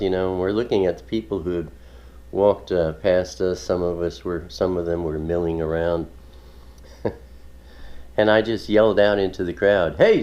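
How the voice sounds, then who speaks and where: A man's voice: low voice, darkish tone, dull audio. A man hosting his own video, chatting casually and rambling with chuckles and many fillers. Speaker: ministry video host. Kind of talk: casual home video chat.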